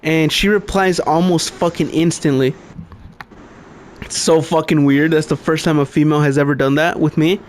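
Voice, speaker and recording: A young man on a casual podcast spins a rambling, swear-heavy story and laughs along the way. His voice sits a little higher than most men's. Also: steady tone, moderate pace, a little hiss or hum. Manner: profane, storytelling, laughs often. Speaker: podcast co-host. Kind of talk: casual chat.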